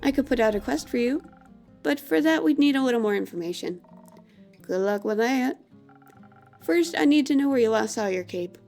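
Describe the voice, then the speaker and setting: A woman streamer playing a game and reading its lines aloud, with lively asides. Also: high-pitched, fast, gravelly, faint music behind.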